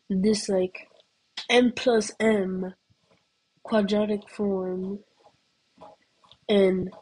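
A woman's voice: mid-range voice, a little mellow, husky, rough recording. A teenage girl student in a casual comedic rant, rambling and giggling with lots of "like". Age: teens.

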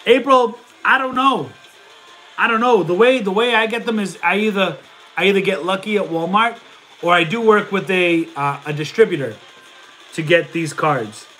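A man's voice: high voice, normal speed, bright, forceful tone, soft background music. A man hosting a casual livestream, reading viewer questions aloud and answering them, with a stuffy nose. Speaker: livestream host and reseller.

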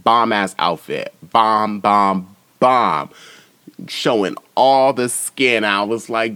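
A man hosting a podcast, giving a sassy, profane and animated recap of a show. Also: on the low side, slow pace, no echo. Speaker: podcast host.

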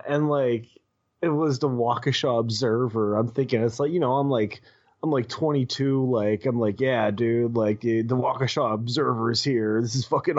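Young dude rambling casually on a podcast, lotsa "like" and "uh", kinda muffled sound. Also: male voice, medium pitch, a little mellow. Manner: rambling, casual storytelling with frequent fillers and swearing. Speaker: podcast guest. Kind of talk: casual chat.

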